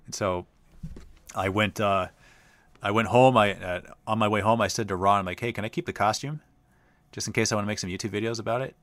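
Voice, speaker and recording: A man's voice: on the low side, steady tone, fairly quick, a bit bright, no echo. A man hosting a show, telling a long story in a casual, rambling way with lots of filler words. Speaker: host.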